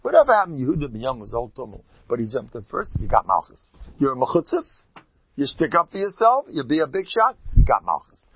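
A man giving an informal Torah talk, lively and emphatic, often jumping up high in pitch for emphasis. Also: fast, slightly rough, lo-fi sound. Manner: animated, jumps to high excited pitch for emphasis, laughs. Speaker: Hasidic teacher.

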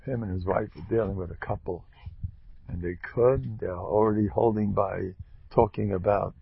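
A man's voice: lowish voice, normal speed, vocal fry, husky, phone-quality sound. A man giving an informal, joking Torah talk, acting out quotes. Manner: animated, joking, acts out quotes. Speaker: rebbe and speaker.

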